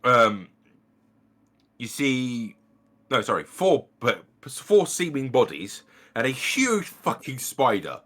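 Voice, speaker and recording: A man's voice: medium pitch, very animated, takes it slowly, fairly bright tone. A man running a tabletop game as game master, narrating scenes casually with fillers and swearing.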